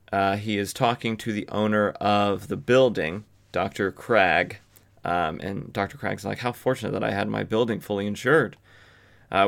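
A man with a fairly low voice talks through an old comic book story for his podcast. His delivery is loose and conversational, peppered with filler words. He drops in wry asides along the way. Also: gravelly, a bit bright. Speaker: podcast host. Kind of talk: casual comic book recap.

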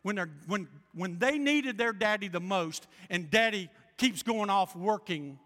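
A man's voice: high voice, expressive, measured pace, fairly bright tone, in a large hall. A male pastor preaching a folksy sermon, acting out voices. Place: church.

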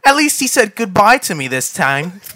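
A man's voice: sits high, sing-song, moderate pace, sharp tone, exaggerated voice. A man putting on a British accent to play a brash young man abandoned by his father, giggling through an amateur scene reading. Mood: giggly mock-British. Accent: put-on British. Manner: giggly, mock-British slang.

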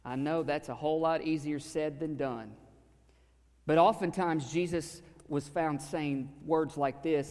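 A man preaching a sermon to a congregation, talking conversationally and swinging from loud emphasis to a hushed near-whisper. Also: fairly high pitch, steady tone, a little slow. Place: church sanctuary with a live audience. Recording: long hall reverb.

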